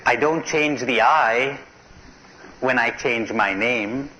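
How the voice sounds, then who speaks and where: Speaking slowly in a mid-range voice with a sharp edge, a middle-aged man asks his audience questions and jokes with them during a live spiritual conference talk. There's slight background noise, and the recording has the dull, lo-fi quality of cassette tape.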